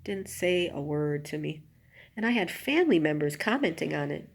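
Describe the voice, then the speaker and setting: A woman with a lowish voice tells her own story in a confessional vlog, speaking straight to her viewers with many asides. She gets emotional as she talks. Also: lively intonation, moderate pace. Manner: emotional, rising to an anguished near-shout, then subdued. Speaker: vlogger.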